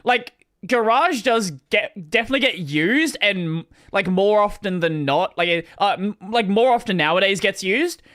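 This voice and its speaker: High, lively Australian man. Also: normal speed, few pauses. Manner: animated, swears freely, plays with pronunciations. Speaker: streamer host. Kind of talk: casual gaming stream chat.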